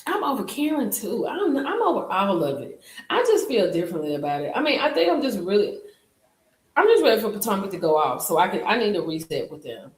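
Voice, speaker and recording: A woman's voice: mid-range voice, quick pace, reverberant, rough recording. A woman hosting a casual live stream, chatting animatedly. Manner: chatty, animated, talks to viewers directly. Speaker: livestream host.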